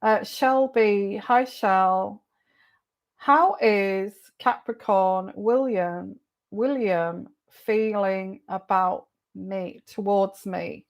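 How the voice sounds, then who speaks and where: A woman is hosting a live tarot reading and talks in a slow, unhurried way. She chats easily, greets viewers by name and repeats their questions aloud as she draws the cards. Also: medium pitch, dull audio. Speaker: tarot reader.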